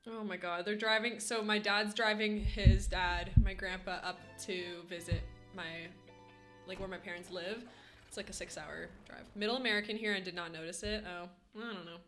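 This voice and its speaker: A woman's voice: mid-range voice, steady tone, moderate pace, fairly bright tone, faint music behind. A Canadian woman streaming a game, chatting casually with her chat, giggly and full of "like" fillers. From western Canada. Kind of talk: casual live-stream chat while gaming.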